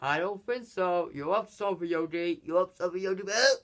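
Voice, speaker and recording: A man voicing a stern male park ranger who mutters slowly. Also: high-pitched, fairly bright tone. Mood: suspicious.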